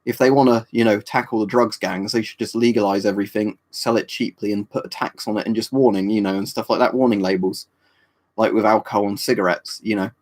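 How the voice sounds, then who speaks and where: A man's voice: lowish voice, steady tone, fairly quick, darkish tone. Chatty British man answering his chat. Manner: rambling, chatty, many fillers and tag questions. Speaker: livestream host answering chat. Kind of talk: casual live chat.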